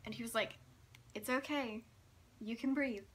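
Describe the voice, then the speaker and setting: A nineteen-year-old woman telling a personal story in a giggly, gushing, breathless way, full of "like" and quick laughs. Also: a little high, steady tone, a bit bright, slight background noise. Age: young adult. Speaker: vlogger.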